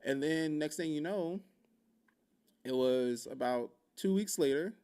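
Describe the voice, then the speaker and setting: A man's voice: fairly high pitch, unhurried, dark tone, clear, resonant tone. A man hosting a podcast, telling a story in loose, profane casual talk full of fillers. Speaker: podcast host.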